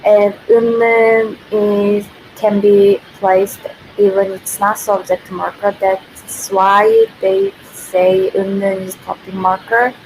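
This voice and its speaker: Young Korean woman, Korean-accented English, chatty livestream teacher; unhurried delivery, faint hiss from a built-in mic. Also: mid-range voice, a little mellow, rough recording. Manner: chatty, laughs often, reads viewer comments. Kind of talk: casual livestream lesson. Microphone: built-in computer mic.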